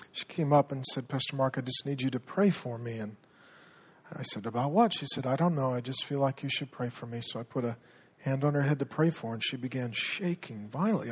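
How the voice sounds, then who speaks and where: A middle-aged man preaching a sermon as pastor, earnest, dropping to a hushed tone when telling stories. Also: medium pitch, slightly rough.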